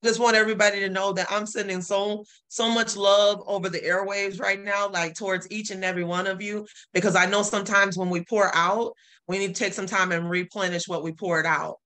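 Emotional, bright-voiced woman. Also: medium pitch, fairly even intonation, a little fast. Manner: emotional, heartfelt. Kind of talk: casual panel chat.

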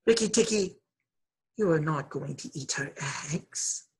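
Woman doing a flattering, feather-brained little bird, husky, storybook. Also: low-pitched, a little slow, exaggerated voice. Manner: sing-song, flattering. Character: foolish, boastful little male songbird.

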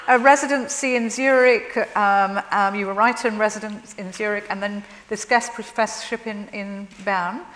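A woman hosting a live event, introducing and interviewing a guest writer in a lively, chatty way. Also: a little high. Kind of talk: onstage interview. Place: large hall at a live event. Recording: hall reverb from a live stage.

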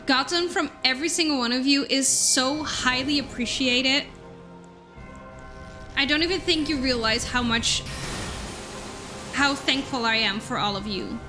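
A young woman streamer with a high, bright, sharp voice talks excitably to her chat while she plays, swearing now and then. She sounds close to a desk mic, with faint game music running underneath. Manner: excitable, swears, chats with viewers. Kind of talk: casual live-stream chat while gaming.

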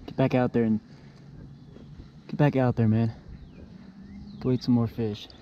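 A young man filming himself fishing outdoors, excitedly narrating his catches and repeating exclamations as he reels them in. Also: mid-range voice, measured pace, lo-fi sound, a little hiss or hum. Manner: excitable, repeats exclamations while reeling in fish. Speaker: fishing vlogger. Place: outdoors by the water.

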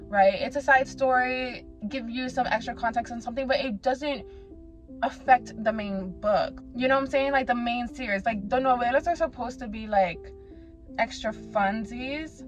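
A woman reviewing books in a casual vlog chat, rambling and acting out her own past reactions. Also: on the high side. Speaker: book reviewer. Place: away from her home. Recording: slightly muffled, with background music.

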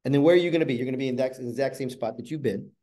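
A middle-aged man giving a motivational storytelling talk, animated and swinging from loud bursts to hushed asides. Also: medium pitch, racing. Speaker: motivational speaker.

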